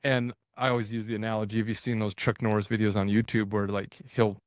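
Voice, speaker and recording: A man in his forties, a podcast guest, telling a story in a casual, animated way, full of restarts and quoted thoughts. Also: lowish voice, fast talker, no echo, studio quality. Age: 40s.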